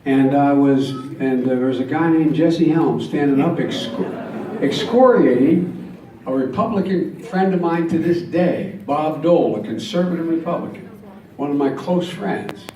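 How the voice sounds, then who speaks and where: An older man in his seventies, speaking a little high but with a mellow, relaxed tone, spins folksy anecdotes at a campaign rally. The room is big and echoey, and his voice reaches the mic from some distance. A faint noise sits underneath. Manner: folksy storytelling, jokes and earnest emphasis. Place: large convention hall.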